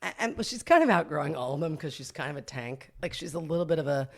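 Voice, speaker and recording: A woman's voice: sits low, expressive, fast. A middle-aged woman, a boutique owner and podcast guest, telling stories in a chatty, self-mocking way and laughing often. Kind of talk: casual interview storytelling.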